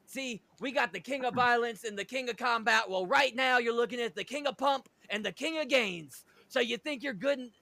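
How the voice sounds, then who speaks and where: A man's voice: very high voice, normal speed, creaky, hardly any pauses, sharp tone, no echo, pitched above the performer's own voice, full character voice. A man voicing a cocky, muscle-bound wrestler cutting a boastful promo.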